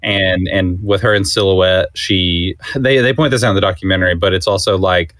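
A man with a fairly low voice rambles excitedly about films, swearing casually. The sound is dry and close, like a podcast mic. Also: normal speed, no echo. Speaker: podcast co-host. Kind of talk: casual film discussion.

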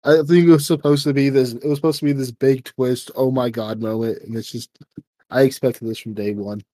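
Laid-back man with a mellow voice. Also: medium pitch, fairly even intonation, a little fast. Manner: swears freely, laid-back, steers the discussion. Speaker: podcast co-host. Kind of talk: casual review chat.

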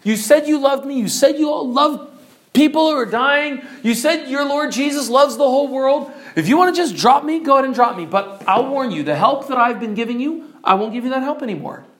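A preacher voicing a smooth-talking worldly man in an allegory, coaxing and guilt-tripping in a lively, raised voice. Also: medium pitch, brisk, hardly any pauses, voice pushed up. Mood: resentful. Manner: coaxing, then sulky and scolding.

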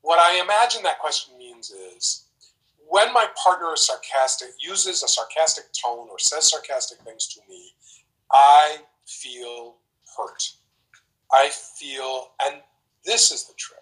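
A man with a slightly higher voice talks through relationship advice in a relaxed, explanatory way. He is animated and often slips into acting out short example dialogues to make his point. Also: unhurried, rough recording. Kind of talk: casual explanatory talk.

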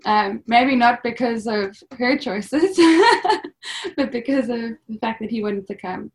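A woman's voice: on the high side, expressive, slow. A young woman telling her own story as a podcast guest, chatty, with many fillers and bits of quoted dialogue. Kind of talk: personal storytelling.

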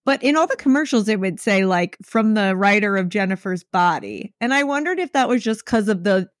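A chatty woman co-hosting a podcast, her talk full of "like" fillers. She sits close to the mic in a dry room, her voice at a middling pitch. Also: expressive, a little fast, no echo. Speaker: podcast co-host. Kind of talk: casual chat.

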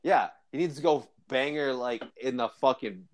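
A man co-hosting a podcast in casual chat, loud and profane, getting worked up and laughing often. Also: medium pitch, normal speed, no echo. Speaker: podcast co-host.

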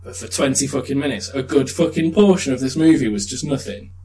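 A young man chatting casually, retelling a film with lively swearing and laughter. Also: medium pitch, fairly quick, poor audio. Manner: animated storytelling with swearing and laughs. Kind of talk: casual chat.

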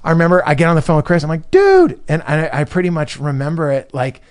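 Animated man telling a story. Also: on the high side, fast talker. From California. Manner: animated, acts out quoted friends, swears freely. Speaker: comedian guest on a podcast. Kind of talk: casual storytelling chat.

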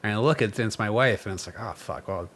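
A man's voice: fairly low pitch, quick pace, fairly bright tone. A married man co-hosting a podcast, laid-back, joking and chiming in with short replies. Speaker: podcast co-host. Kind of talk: casual chat.

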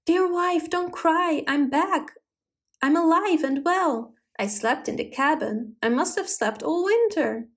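A woman's voice: sits high, very animated, normal speed, vocal fry, hardly any pauses, full character voice. A woman voicing a frightened young male shepherd who pleads and trembles. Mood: cheerful.

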